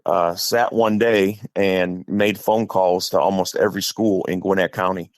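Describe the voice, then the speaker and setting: A man's voice: low-pitched, steady tone, measured pace, no room sound. A middle-aged man from Wisconsin, a football coach, telling stories casually and at length as a podcast guest. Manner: talkative, acts out quotes in stories. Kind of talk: casual storytelling.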